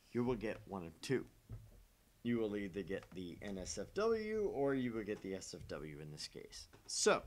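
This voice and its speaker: A man's voice: on the low side, a bit bright. A man hosting a casual gaming stream from home, joking and sarcastic, with hiccups, rambling through his explanations. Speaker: streamer host. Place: home, at a table.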